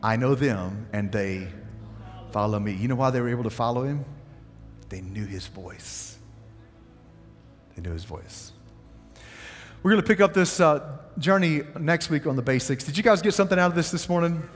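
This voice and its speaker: Soft music plays in the background as a medium-pitched pastor preaches fast in a big-sounding church sanctuary. He tells a story with animation and asks the congregation questions.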